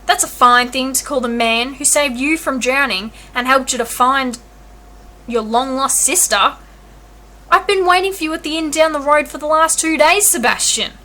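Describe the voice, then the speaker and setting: A woman voicing a hefty, blunt sailor who talks gruffly. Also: high-pitched, normal speed, pushed and bright.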